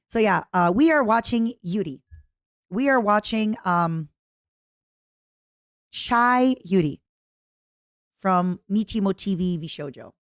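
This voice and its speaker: A woman's voice: mid-range voice, animated, slow, pauses often, no room sound. A young woman on a live stream, chatting with her viewers in a loose, teasing way and dropping little Japanese words in as she goes. The mic is close and dry, and her voice sits in a middle range. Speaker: streamer reacting to a video. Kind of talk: casual live-stream chat.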